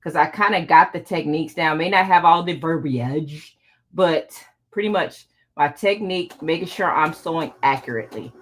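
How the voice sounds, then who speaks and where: Sewing through a casual live quilting tutorial, a middle-aged woman chats with the people watching. She speaks at normal speed in a deep voice.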